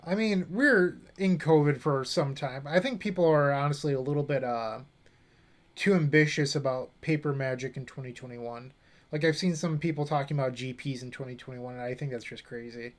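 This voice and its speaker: A man's voice: medium pitch, moderate pace. A young man streaming a card game, thinking through plays aloud and chatting casually with viewers. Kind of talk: casual gameplay commentary.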